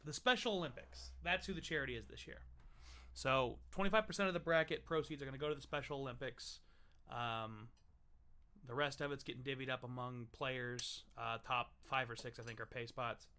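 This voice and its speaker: A young man hosts a livestream, joking and chatting loosely while tasting bourbon. His voice is medium in pitch, fairly quick, and pushed and bright.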